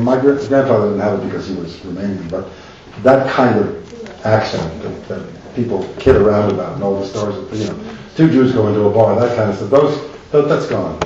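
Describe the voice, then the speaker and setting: A man's voice: fairly low pitch, a little mellow, slight background noise. Older man rambling in an echoey hall. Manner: rambling, with many restarts and asides. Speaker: author and speaker. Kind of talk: unscripted talk answering questions. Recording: echoey hall, distant dull mic.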